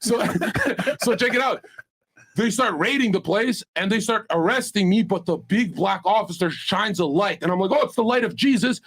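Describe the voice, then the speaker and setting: A man on a streamed panel telling a long crude story, loud and profane, laughing as he goes. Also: high-pitched, moderate pace, breathy edge. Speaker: panel guest.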